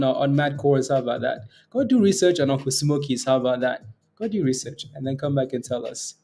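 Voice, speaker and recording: Reading out viewer comments on his live day trading stream, this host keeps things casual, laughing and cracking jokes throughout. He has a mid-range, expressive voice with a warm tone and a quick pace, over faint background music.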